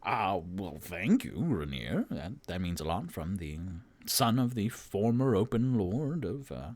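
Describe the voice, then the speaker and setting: A man voicing a blunt adventurer who speaks low and quiet. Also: sing-song, a little slow, no room sound.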